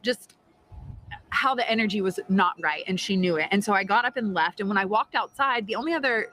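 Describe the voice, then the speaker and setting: A woman's voice: mid-range voice, fairly quick, a bit bright, slight background noise. A woman hosting a tarot show, telling a personal story in a chatty, casual way, with frequent laughs and casual swearing. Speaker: tarot reader and host.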